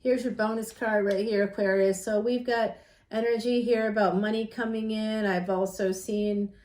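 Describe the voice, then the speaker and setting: A woman's voice: medium pitch, fairly even intonation, normal speed, a little mellow. Chatty woman in an echoey room. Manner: chatty and rambling, laughs often, addresses viewers directly. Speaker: tarot reader. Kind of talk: casual tarot reading chat.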